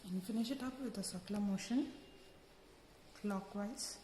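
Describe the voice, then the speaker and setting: A woman's voice: mid-range voice, normal speed, mellow. A woman giving short, step-by-step instructions for bandaging a hand and fingers. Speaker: medical student demonstrating bandaging. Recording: echoey room with faint noise.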